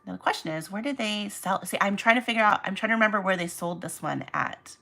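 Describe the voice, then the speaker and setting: Bright, chatty woman streaming while packing. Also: medium pitch, animated, fast talker, gravelly, low-quality recording. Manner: chatty and rambling, goes off on tangents, talks to viewers by name. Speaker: online reseller livestream host. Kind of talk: casual livestream chat while packing orders.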